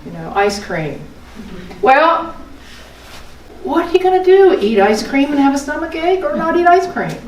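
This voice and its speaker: An older woman gives a spiritual talk in a relaxed, folksy way, circling back over her phrases and asking her listeners rhetorical questions. Her voice sits fairly high for a woman. It is picked up from some distance in a roomy, echoing space. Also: moderate pace, long pauses, a little hiss or hum. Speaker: spiritual teacher. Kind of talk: conversational dharma talk. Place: meeting room of a spiritual center. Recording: echoey room, voice from a distant mic.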